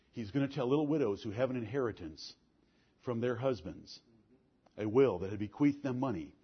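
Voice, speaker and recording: A man preaching a fiery sermon, swinging from loud emphatic declarations to low, intense talk. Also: slightly rough. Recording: muffled lo-fi sermon recording.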